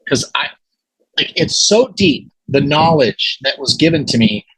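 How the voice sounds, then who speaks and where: A man telling a story as a guest in a casual interview, animated and excitable, with many restarts. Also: a little high, a little slow, low-quality recording.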